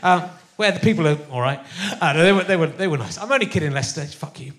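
A man's voice: on the high side, lively intonation, fast talker, background noise. A man hosting a comedy interview podcast in front of a live audience, joking in a self-mocking way and laughing often. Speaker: podcast host.

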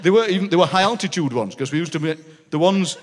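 A man's voice: a little high, quick pace, slight background noise. A middle-aged man with a Yorkshire accent, a guest poet telling rambling comic anecdotes on a live stage. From Yorkshire, England. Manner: animated, rambling anecdotes, laughing. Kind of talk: live comic storytelling chat. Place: city hall stage before audience. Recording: long hall reverb.

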